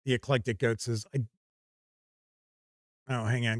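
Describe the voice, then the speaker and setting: A man's voice: medium pitch, expressive, quick pace, long pauses, dry recording, clean studio sound. A man hosting a live stream in a casual, chatty way, reading out viewer comments and reacting off the cuff. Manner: chatty, reads out chat comments and responds off the cuff. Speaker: host reading viewer chat. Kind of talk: casual livestream chat.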